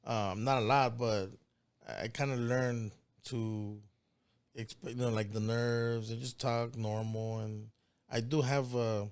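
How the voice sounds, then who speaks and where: A man's voice: mid-range voice, steady tone, slow, clean tone. A man with an accent, a guest on a podcast, speaking hesitantly with many restarts and a modest manner. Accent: non-native English. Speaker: podcast guest, shoe cleaner maker. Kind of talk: casual interview chat.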